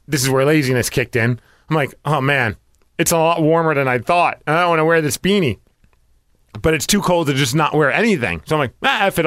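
A middle-aged man co-hosting a radio show, telling stories in casual banter with quick, jokey asides. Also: on the high side, fairly bright tone, no room sound.

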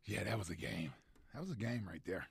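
A man's voice: fairly low pitch, sing-song, brisk, gravelly, slightly rough, no echo. A man who co-hosts sports talk radio and used to play, easygoing and agreeable in casual chat. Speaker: sports radio co-host, former player.

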